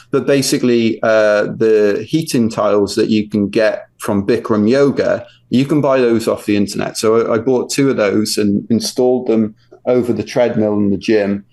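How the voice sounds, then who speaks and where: A man's voice: fairly low pitch, darkish tone. A man with a British accent, a guest on a podcast, talking in a chatty, self-deprecating way. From England. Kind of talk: casual podcast interview.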